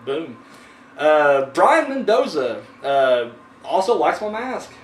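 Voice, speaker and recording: A man hosts a horror movie review show, rambling casually with plenty of fillers and profanity. His voice sits fairly high. He is caught at a distance in an echoey room under faint noise. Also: big pitch swings, slow pace. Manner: rambling, swears freely, frequent fillers. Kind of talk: casual chat.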